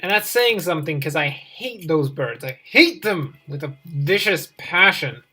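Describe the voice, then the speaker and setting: Low-voiced woman rambling over gameplay. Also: lively intonation, a little slow, sharp tone, breathy edge. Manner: rambling, playful, chatting to an in-game companion. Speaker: let's play host. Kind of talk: casual gameplay commentary.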